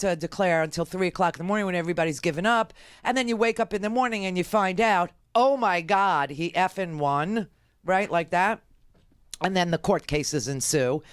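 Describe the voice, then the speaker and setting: A woman's voice: lowish voice, no room sound. A woman radio talk show host ranting through a political monologue, exasperated and pleading by turns. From United States. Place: radio studio.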